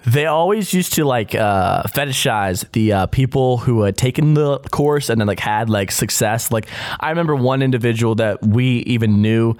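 A man's voice: mid-range voice, normal speed, darkish tone. A young man in his twenties, co-hosting a podcast in casual chat, rambling and swearing with many fillers and restarts. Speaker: podcast co-host.

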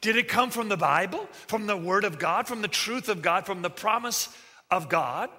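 A man preaching a sermon as a pastor, animated and joking, acting out the voices he quotes. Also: high voice, normal speed. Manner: animated, acts out quoted voices, jokey asides. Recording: reverberant hall sound.

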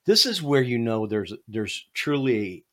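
A man hosting a podcast, telling a funny story in an animated, jokey way. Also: medium pitch, a little slow. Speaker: podcast host. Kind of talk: casual storytelling.

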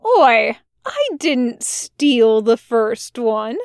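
Sardonic male demon, drawling and teasing, read by a woman, dry close sound, slightly high. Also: lively intonation, takes it slowly, clean tone, no echo. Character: wry sardonic male demon, laid-back.

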